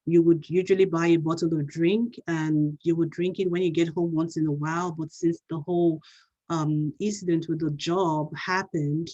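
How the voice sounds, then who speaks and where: A woman acting as a counselor in a role-play session. She speaks gently and haltingly, with many fillers and restarts. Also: deep voice, steady tone, highs cut off. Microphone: video call.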